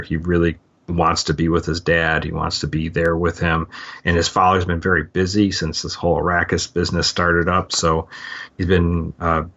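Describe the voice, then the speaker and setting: A very low-voiced man co-hosting a book-club podcast, rambling loosely through his points with lots of ums and restarts. His voice comes through a dull, lo-fi recording. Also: bright, forceful tone. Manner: rambling, many fillers and restarts. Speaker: podcast co-host. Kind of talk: casual book-club discussion.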